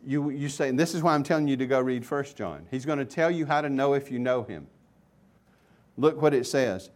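Male pastor mid-sermon: mid-range voice, earnest preaching, big shifts from loud emphasis to near-whispered asides. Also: brisk. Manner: preaching with wide swings from loud emphatic questions to hushed low asides. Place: church sanctuary.

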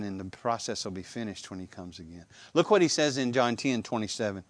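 A man preaching a sermon, emphatic and animated, with repeated phrases and questions to the congregation. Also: fairly low pitch, a little fast, dry recording.

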